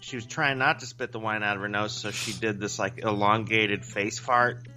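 A man's voice: on the low side, normal speed, loud music behind the voice. A man co-hosting a podcast, cracking crude jokes in casual banter. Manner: crude, joking, animated. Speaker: podcast co-host.

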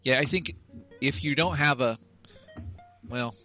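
A man co-hosting a casual comedy chat, ranting and swearing through his stories with quick asides. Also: mid-range voice, sharp tone, soft background music. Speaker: podcast co-host.

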